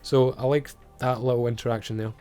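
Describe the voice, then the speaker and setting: A man's voice: mid-range voice, a little fast, faint music behind. Casual man recapping a show. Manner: swearing, animated retelling. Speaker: video reviewer. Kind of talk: casual recap with acted-out quotes.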